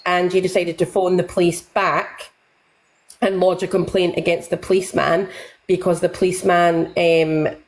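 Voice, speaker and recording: On a rough recording, a woman with a lowish voice guests on a livestream, recapping online drama in a rambling, casual way. She swears freely and acts out other people's lines in quick bursts.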